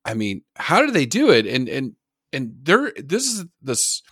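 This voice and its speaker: A man hosting a podcast, chatting casually in an animated, emphatic way. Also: medium pitch, moderate pace, slightly rough, no echo, clean studio sound. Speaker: podcast host. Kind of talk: casual chat.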